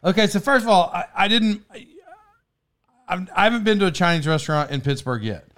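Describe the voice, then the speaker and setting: Male podcast host with a fairly high voice, chatty and rambling, trips over his own sentences and laughs a lot, studio recording. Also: fairly quick, fairly bright tone. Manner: rambling, self-interrupting, laughs often. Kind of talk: casual storytelling chat.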